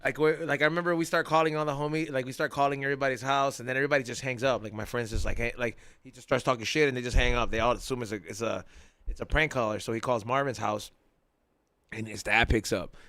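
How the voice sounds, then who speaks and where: A man on a casual podcast telling a long, animated story, full of slang and laughter. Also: medium pitch, quick pace, dry recording.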